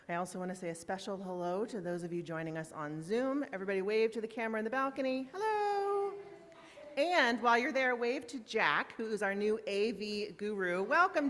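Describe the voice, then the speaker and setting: A woman minister speaks in a mid-range voice, giving welcome and announcements during a church service in a large, reverberant meetinghouse. Her manner is warm and informal, full of fillers and little slips, and she sounds emotional, as if holding back tears.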